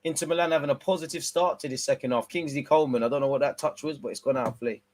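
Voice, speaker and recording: A young man hosting a live football watch-along, slangy banter between bursts of excited play-by-play. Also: mid-range voice, very fast.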